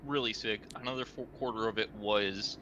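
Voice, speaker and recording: Bright-voiced male tabletop player. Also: on the low side, steady tone, normal speed, lo-fi sound, slight background noise. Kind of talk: casual tabletop game chat.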